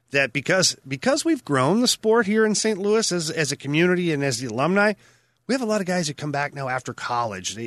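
Lively man with a bright, forceful voice. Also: mid-range voice, no room sound. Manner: lively storyteller acting out quotes. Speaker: retired hockey player, podcast co-host. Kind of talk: casual podcast chat.

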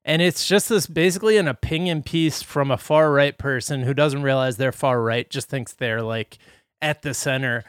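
A man co-hosting a comedic podcast, joking and animated as he introduces guests and topics. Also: mid-range voice, moderate pace, clear, resonant tone, dry recording, studio quality. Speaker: podcast co-host.

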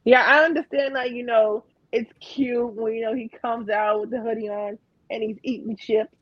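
A woman's voice: a little high, fairly even intonation, normal speed, no room sound, lo-fi sound. A woman in casual podcast chat, blunt and opinionated.

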